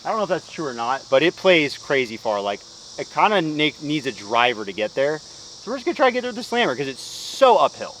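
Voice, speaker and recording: A man's voice: a little high, sing-song, fairly quick, fairly bright tone, a little hiss or hum, poor audio. A man talking casually as he plays a disc golf course outdoors, chatty, upbeat and self-deprecating, explaining each shot. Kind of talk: casual play-by-play commentary while playing.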